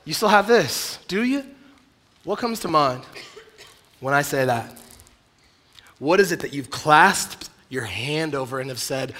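Animated, joking male youth preacher. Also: on the high side, measured pace, pauses often. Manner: animated, joking, acts out voices. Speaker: youth speaker. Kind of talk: youth camp sermon.

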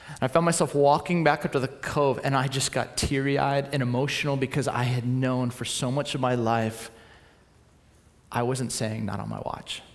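A man from Southern California preaching a storytelling sermon, acting out voices and swinging from loud to quiet. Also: medium pitch, steady tone, normal speed, long reverb tail.

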